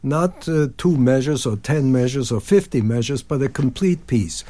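A composer in his nineties is a guest on a radio interview, sharing lively anecdotes, singing bits of phrases and acting out what people said. His voice is medium in pitch, and he speaks at a moderate pace.

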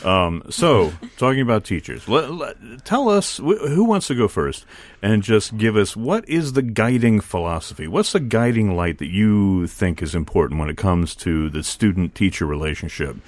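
Lively, joking male podcast host. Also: fairly low pitch, normal speed, dry recording. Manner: jokey, laughs often, self-deprecating. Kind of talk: casual chat.

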